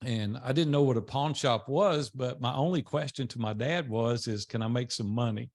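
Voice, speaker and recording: An older man from Nashville, speaking with a Southern Tennessee drawl, tells his life story in a folksy, motivational talk as a guest speaker. His voice is mid-range and somewhat dark, at a moderate pace.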